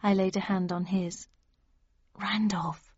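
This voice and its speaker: A woman's voice: mid-range voice, moderate pace, no room sound, highs cut off. A woman narrating a novel, shifting her voice for each character. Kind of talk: audiobook narration.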